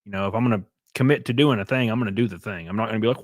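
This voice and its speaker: A man's voice: on the low side, rapid-fire, no room sound, clean studio sound. A man hosting a casual livestream, blunt and profane, rambling and reading chat donations aloud. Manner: reads and answers chat donations. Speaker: livestream host.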